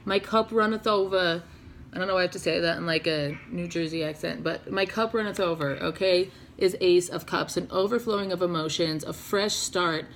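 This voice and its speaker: A woman's voice: lowish voice, fairly even intonation, fairly quick, few pauses, slight background noise. A woman doing a casual, chatty tarot reading, laughing often and swearing casually. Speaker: tarot reader.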